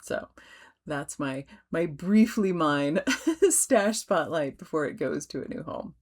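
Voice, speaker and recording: A middle-aged woman hosting a stitching vlog, chatting gently with soft fillers and restarts and yawning now and then. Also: sits low, animated, takes it slowly. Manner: yawns while talking. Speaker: cross-stitch designer and vlog host. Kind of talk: casual show-and-tell vlog.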